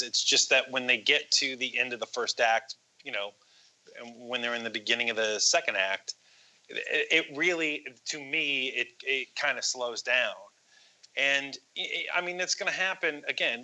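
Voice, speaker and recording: A man co-hosting a movie podcast who speaks haltingly, with many restarts and hedges. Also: medium pitch, sharp tone, low-quality recording. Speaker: podcast co-host. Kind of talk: casual movie podcast chat.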